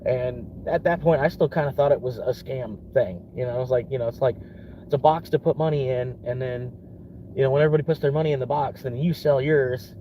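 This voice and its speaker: A young man from Florida rambles casually in a vlog, his medium-pitched voice brisk and warm. He swears often and laughs between thoughts, with slight background noise.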